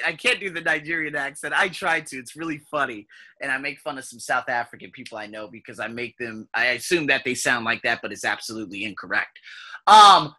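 A man hosting an English-learning podcast, telling stories in a rambling, profane and animated way. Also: mid-range voice. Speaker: ESL podcast host. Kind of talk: casual storytelling monologue.

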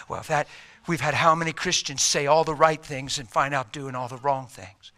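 Bright-voiced preacher man, urgent and folksy. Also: fairly high pitch, fairly even intonation, fairly quick. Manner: swings between loud urgent exhortation and quiet intimate hush; folksy, plain-spoken preaching. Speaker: pastor. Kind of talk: sermon.

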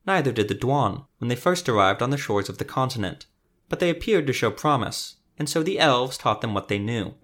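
A man's voice: medium pitch, expressive, a little fast, a bit bright. Man narrating a fantasy tale. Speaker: podcast host and narrator.

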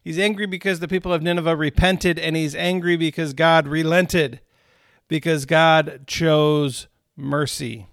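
A man's voice: on the high side, steady tone, unhurried, a bit bright, dry recording, clean studio sound. A man leading a recorded Bible study, teaching in an earnest, conversational way with frequent asides to his listeners.

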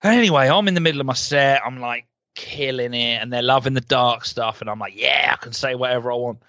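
A man co-hosting a casual podcast, ranting and swearing in an animated, jokey way. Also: medium pitch, brisk, no echo, lo-fi sound. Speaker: podcast co-host. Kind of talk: casual chat.

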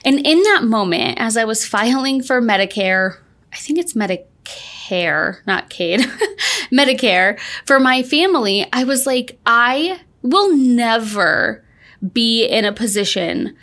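A woman's voice: on the high side, lively intonation, unhurried, a bit bright. A woman in her thirties hosting a podcast, telling her personal story in an upbeat, chatty way. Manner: upbeat, chatty, frequent "like" and laughs. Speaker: podcast host, launch coach.

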